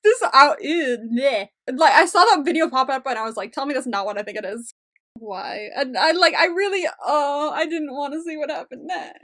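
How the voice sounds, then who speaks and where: A young woman co-hosting a casual podcast recap, loud and expressive, often breaking into laughter and mock outrage. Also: sits high, normal speed. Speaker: podcast co-host.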